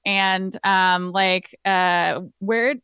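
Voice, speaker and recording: Slow, gravelly-voiced woman player. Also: medium pitch, steady tone, bright, forceful tone, dry recording. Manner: slow, hesitant, thinking aloud. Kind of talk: tabletop game chat.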